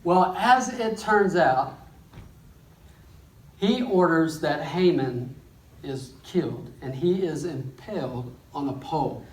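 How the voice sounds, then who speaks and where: A preacher leads a sermon, telling the story with lively, folksy asides and plain talk. The voice sits in the middle of the range. It rings through a roomy church, picked up from a few steps off. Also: mid-range voice, takes it slowly. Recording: echoey church room, mic at a distance.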